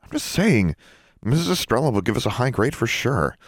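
A bubbly schoolgirl gushes with eager excitement, her voice lifted well above a deep reader's own tone, as a man puts her on. The recording is close and dry, a storybook reading with no room sound. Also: fairly quick, dry recording. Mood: excited. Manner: gushing, eager.

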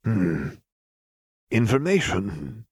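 A man voicing a towering, menacing male mad chemist in a fan fiction audiobook, with a raspy voice and a sly, casual manner. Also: fairly low pitch, sing-song, extremely slow, no room sound, studio quality, full character voice. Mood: sly menace. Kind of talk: audiobook character voice.

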